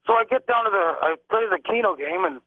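A middle-aged man calling in to a radio show, telling a story in an animated way and acting out the lines people said. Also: sits high, quick pace, no echo. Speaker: caller. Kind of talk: phone-in storytelling. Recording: tinny phone line, dry.

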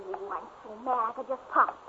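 A hot-tempered, lovestruck teenage girl in a 1940s radio comedy, gushing and melodramatic. The voice is very high and swoops up and down, and it comes through a thin, tinny old broadcast. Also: expressive, moderate pace, a little hiss or hum. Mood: despairing.

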